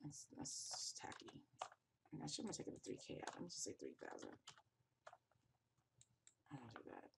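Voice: medium pitch, huge pitch swings, brisk, vocal fry, pauses often, noisy background. A fashion blogger walking through a screen tutorial, sounding exhausted and yawning, rambling casually with many restarts. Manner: rambling, thinking aloud with restarts. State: tired, yawning.

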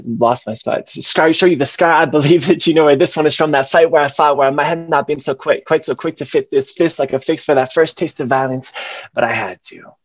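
A young male educator gives a presentation over a video call, performing slam poetry with passion and spoken-word rhythm in a mid-range voice. The sound is dry and close with no echo, though the call lends it a dull, lo-fi edge.

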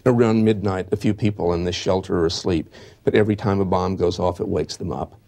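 A man giving a history lecture, reading eyewitness accounts in a measured, halting way with small restarts. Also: sits low, steady tone, gravelly, darkish tone.

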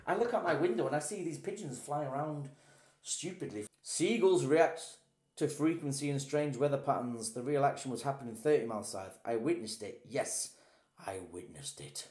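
A man's voice: medium pitch, animated, normal speed, darkish tone. A man chatting casually over wine at home as a co-host, rambling and reading viewer comments aloud. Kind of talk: casual tipsy chat. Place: home room, at night. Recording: echoey room.

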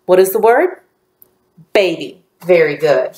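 A woman leads a children's phonics lesson at a very unhurried pace, stretching out sounds with patient encouragement. Her voice sits in a middle range and carries an echo from the room around her. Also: mid-range voice, a little mellow. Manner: slow, patient, encouraging, drawing out words. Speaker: teacher.

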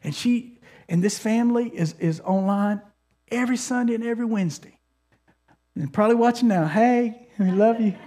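A man's voice: high voice, a little fast, warm tone. A male pastor preaching a sermon in a conversational, storytelling way, often restarting his sentences and calling on the congregation to respond.

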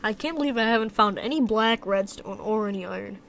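A woman's voice: mid-range voice, brisk, a bit bright, soft background music. A young woman giving casual commentary while playing a game, rambling to herself and breaking into silly chants. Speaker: gameplay commentator. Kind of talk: casual let's-play commentary.

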